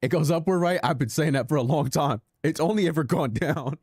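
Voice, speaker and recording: A man's voice: on the high side, a little fast, hardly any pauses, darkish tone, slightly rough, dry recording, clean studio sound. Sarcastic young man chatting on stream. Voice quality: sarcastic, self-deprecating, rambling. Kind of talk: casual live-stream chat while gaming.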